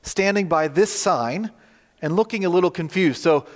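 Male pastor, storytelling sermon, slightly high voice, long hall reverb. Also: moderate pace. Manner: storytelling, conversational, animated in quoted dialogue. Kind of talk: sermon with slides.

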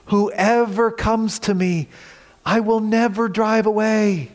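A man preaching a sermon as pastor, earnest, swinging from loud emphasis to hushed near-whispers. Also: high voice, fairly even intonation, slow pace, big-room sound.

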